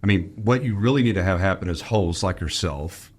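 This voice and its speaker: A man's voice: low-pitched, a little fast, breathy edge. A man who runs a podcast studio, chatting casually as a guest on a podcast and explaining things with plenty of fillers. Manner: talkative, explains with many fillers. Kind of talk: casual chat.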